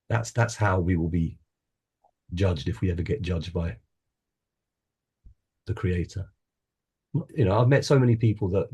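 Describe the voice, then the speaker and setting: A man's voice: low voice, gravelly, dark tone, husky. A man who grew up in Scotland, telling a personal story on a panel in an earnest, reflective way. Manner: earnest, reflective, with restarts and laughs. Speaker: wellbeing coach, panel guest.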